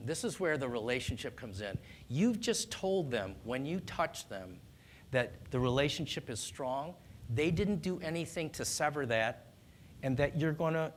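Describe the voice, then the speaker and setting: Male doctor, mid-pitched, calm and instructive, faint low rumble behind. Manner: calm, earnest, instructive, with small restarts. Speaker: doctor giving parenting advice. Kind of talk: explanatory talk on child discipline.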